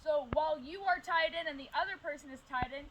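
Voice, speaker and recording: A woman's voice: high voice, fast talker, very noisy. A woman instructing a group outdoors on belaying, explaining things plainly and step by step. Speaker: climbing instructor. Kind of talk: outdoor safety demonstration.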